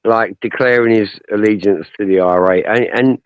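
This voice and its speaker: A man's voice: fairly low pitch, a little fast, clear, resonant tone, no echo, dull audio. Casting: man, blunt and combative, dry close sound. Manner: blunt, swearing, insistent. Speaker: panelist. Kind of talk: heated live stream debate.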